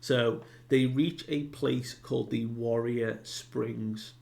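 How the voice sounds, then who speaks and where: A man's voice: mid-range voice, steady tone, slow pace, vocal fry, darkish tone. A man giving a casual recap of a comic chapter, retelling it loosely with many fillers and asides. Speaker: manga reviewer.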